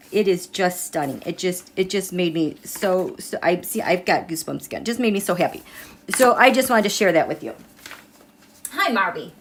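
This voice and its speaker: A middle-aged woman hosting a tarot and astrology livestream in casual live chat, emotional and halting, with frequent restarts. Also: mid-range voice, fairly bright tone.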